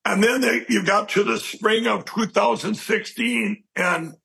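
Guy telling his story in an interview, raspy and kinda high, bright forceful tone, acts out all the quotes. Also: measured pace, poor audio. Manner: animated, rambling storyteller who acts out quoted speech. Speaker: interview guest. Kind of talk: personal storytelling.

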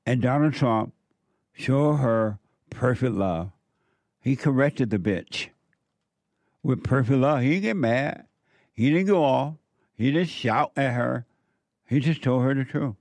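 A man's voice: medium pitch, slow pace, long pauses, darkish tone, no echo. A man hosting a commentary show, preaching emphatically and telling stories from his youth. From southern United States. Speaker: commentary host.

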